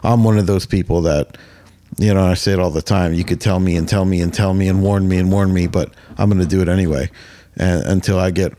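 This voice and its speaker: A man with a very low, warm voice hosts a relaxed Bible discussion. He sounds agreeable and reflective. The sound is dry and close. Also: fast talker, no room sound. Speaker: podcast host.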